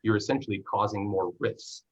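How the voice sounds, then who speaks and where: Husky man on dull lo-fi audio. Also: lowish voice, level tone, a little fast. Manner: earnest, rambling, many restarts. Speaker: podcast host. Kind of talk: casual podcast interview.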